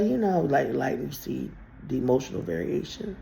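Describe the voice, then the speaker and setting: A woman's voice: extremely low pitch, lively intonation, moderate pace, vocal fry, warm tone. A woman telling a story in a casual, blunt and profane rant that rambles along. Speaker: vlogger.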